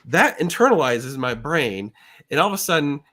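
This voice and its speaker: A middle-aged man tells a story on a live talk show, animated and excitable, swinging up into the voices of everyone he quotes. His voice sits a little high and sounds bright and forceful. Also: moderate pace. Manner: excitable, acts out quoted voices with big pitch jumps. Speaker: show host.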